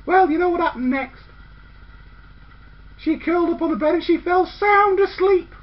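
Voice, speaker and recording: High-voiced woman telling a story. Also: moderate pace. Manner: bossy narrator who acts out the girls' lines. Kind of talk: playful storytelling. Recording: dull lo-fi recording.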